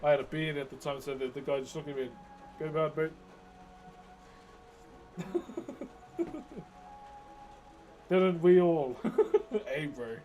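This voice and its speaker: On a live stream, a man with a fairly high, warm voice tells jokey stories to his viewers at a measured pace, leaving long pauses and laughing often. Soft music plays behind his laid-back chatter.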